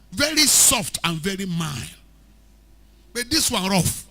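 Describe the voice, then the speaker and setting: A man preaching an animated sermon as a pastor, rising to shouts at times. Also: high-pitched, a little slow. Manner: animated preaching, shouting at peaks, mixing in Pidgin.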